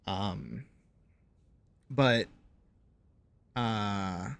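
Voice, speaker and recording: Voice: sits low, drawn-out words, gravelly, clean tone, dry recording. Hesitant streamer telling a personal story. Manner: hesitant, lots of ums and restarts, reflective. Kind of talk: candid personal storytelling to a live chat. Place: home streaming room.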